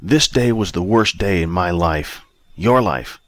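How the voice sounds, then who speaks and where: A man's voice: deep voice, animated, measured pace, dry recording. A man reading an audiobook, voicing an impatient older man who sighs a lot and turns out to be the narrator's future self. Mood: earnest. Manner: sighing, impatient.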